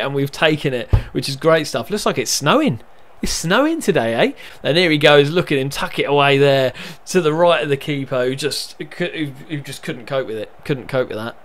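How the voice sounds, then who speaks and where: A man's voice: fairly high pitch, slight background noise. Chatty man commentating his football game. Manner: chatty, narrates match events, erupts with excitement at goals. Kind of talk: casual live game commentary.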